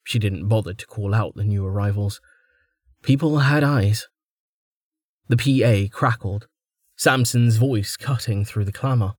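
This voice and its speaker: A man's voice: fairly low pitch, measured pace, long pauses, a little mellow, dry recording. A man narrating a fantasy audiobook with dramatic storytelling, close to the mic. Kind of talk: scripted narration.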